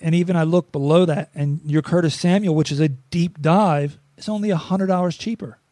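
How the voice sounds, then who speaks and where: A man's voice: a little high, a little fast, warm tone, no room sound, studio quality. A man co-hosting a casual sports podcast, chatty and joking, often restarting his sentences. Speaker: podcast co-host.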